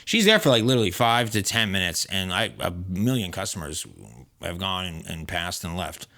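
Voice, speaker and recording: A man co-hosting a podcast, telling a workplace story in casual, profane, animated chat. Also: deep voice. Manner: profane, animated retelling with quoted voices; fast, rambling with fillers. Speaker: podcast co-host.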